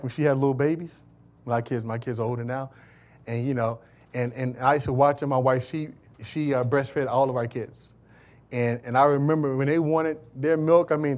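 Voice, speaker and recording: A middle-aged man preaching a sermon as pastor in a church, shifting from calm storytelling to loud, rising shouts. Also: fairly high pitch. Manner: animated storytelling with acted quotes.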